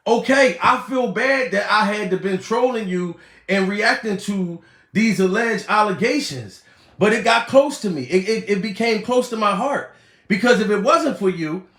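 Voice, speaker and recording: A man ranting loudly in a comedic commentary, excitable and profane, breaking into shouts. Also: sits high. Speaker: comedy YouTuber. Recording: roomy echo.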